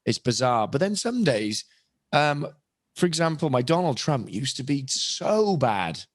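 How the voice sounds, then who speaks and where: His delivery is sing-song and a little slow, at medium pitch. He's a young British man with a British accent, a voice actor and impressionist who rambles self-deprecatingly and keeps restarting during casual podcast chat. The audio is clean studio sound with no room sound.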